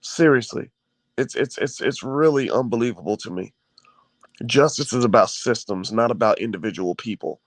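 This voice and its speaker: A man's voice: mid-range voice, animated, normal speed, no room sound. Heated man ranting in a dry room. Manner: heated, preachy, repeats and stammers, swears. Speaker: commentary host. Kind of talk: impassioned political commentary.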